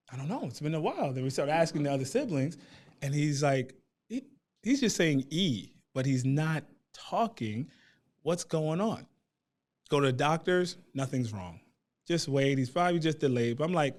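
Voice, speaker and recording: A man in his thirties as a guest, telling a personal family story in a lively way and acting out the voices of the people he quotes. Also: on the high side, normal speed. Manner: animated, acts out quoted voices.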